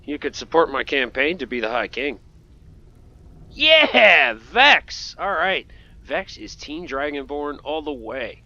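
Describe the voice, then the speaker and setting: A man's voice: mid-range voice, normal speed, few pauses, pushed and bright, lo-fi sound. A man doing jokey playthrough commentary, talking back to game characters. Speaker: gaming host.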